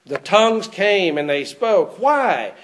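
A man's voice: high-pitched, very animated, takes it slowly, a bit bright, a little hiss or hum. A man preaching an expository sermon in a church, putting rhetorical questions to his congregation.

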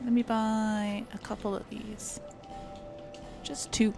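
Chatty woman with a gravelly edge. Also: medium pitch, little pitch movement, takes it slowly, over music. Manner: chatty, jokey, laughs often. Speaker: gaming streamer. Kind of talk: casual gameplay commentary.

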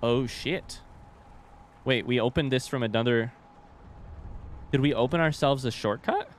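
A man hosting a gaming channel, giving excitable, swearing commentary as he plays. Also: mid-range voice, a little slow, slight background noise. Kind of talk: live gameplay commentary. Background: game music.

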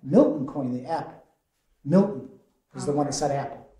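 A man in the role of a deacon, leading a conversational Bible study in an animated way, quizzing the group and chuckling often. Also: medium pitch, moderate pace, crowd noise. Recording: echoey room.

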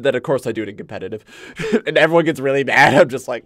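A man commentating his own gameplay on a live stream, excitable and rambling, easily spooked by the game, with game music behind him. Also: medium pitch, quick pace, no room sound. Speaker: gaming streamer.

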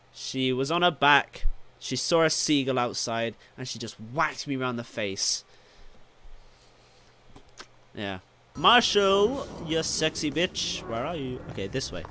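A young man commentating his gameplay casually, excitable, often swearing and yelling at enemies. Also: medium pitch, a little hiss or hum. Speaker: gameplay streamer.

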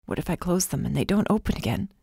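A woman voicing a gravely ill young man in an audiobook, speaking weakly and pleadingly, often near a whisper. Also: fairly low pitch, animated, fast, dry recording, clean studio sound, full character voice. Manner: weak, hushed and pleading. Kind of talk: audiobook character voice.

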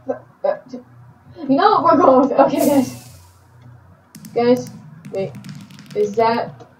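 Excitable woman gamer in an echoey room. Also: a little high, slight background noise. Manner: excitable, repeats words in bursts. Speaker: gaming channel host. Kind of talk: casual game commentary. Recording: echoey, distant, muffled home recording.

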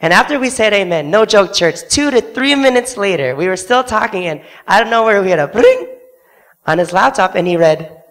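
A man's voice: sits high, animated, moderate pace, fairly bright tone, big-room sound. A young man giving an earnest testimony to a church congregation from the front of a church sanctuary, speaking into a handheld microphone. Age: young adult. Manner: earnest storytelling, acting out quoted voices. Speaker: student literature evangelist.

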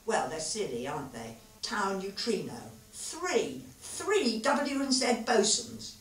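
A woman reading aloud as a tipsy male physicist who muses and rambles in a lively way. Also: mid-range voice, slow pace, slight background noise, pitched above the performer's own voice. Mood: musing. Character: rueful man, tipsy physicist, musing. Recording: roomy live hall, far mic.

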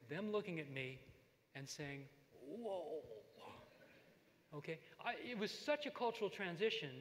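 An older man giving a lifetime achievement talk, telling stories from his career in an animated way with asides to the audience. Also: fairly high pitch. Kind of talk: lecture with personal stories. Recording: long hall reverb.

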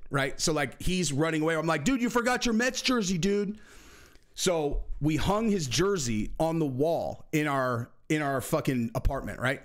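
A young man hosting a channel, telling a story in casual, profane talk, acting out other people's voices. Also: on the high side. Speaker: channel host.

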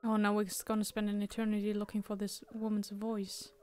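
A woman's voice: medium pitch, completely flat delivery, a little fast, darkish tone. A woman giving casual, jokey commentary while playing a horror game, talking to the characters on screen. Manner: chatty, jokey, talks to the game. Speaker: let's play streamer.

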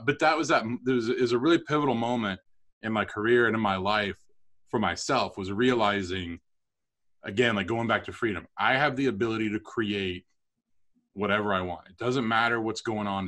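A middle-aged man telling stories about his career as a podcast guest, chatty and animated with self-deprecating humor. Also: on the low side, quick pace. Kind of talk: storytelling interview.

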